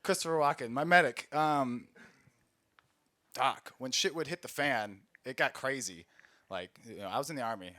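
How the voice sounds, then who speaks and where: A man's voice: fairly low pitch, a bit bright. A man, an Army veteran, telling rambling, profane war stories in a casual comedy set and laughing at himself as he goes. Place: small recording studio space.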